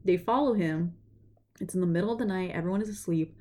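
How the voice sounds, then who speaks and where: A woman talking in a relaxed, rambling way, her voice sitting a little low. She retells a story casually and keeps filling gaps with "like" and "you know". She sounds earnest and thoughtful under the chatter. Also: quick pace. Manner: earnest and reflective.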